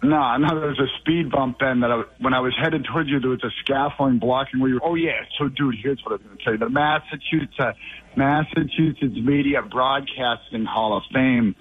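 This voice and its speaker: A man from the Boston area calling into a radio show, rambling and excitable and quick to mock outrage. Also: mid-range voice, slightly rough. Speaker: regular radio caller. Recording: tinny dry phone line.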